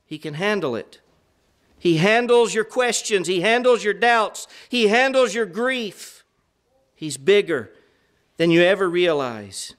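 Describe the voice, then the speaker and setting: A man's voice: very high voice, fairly bright tone, clear, resonant tone. A middle-aged man preaching a sermon in an earnest, conversational way, stressing points through repetition.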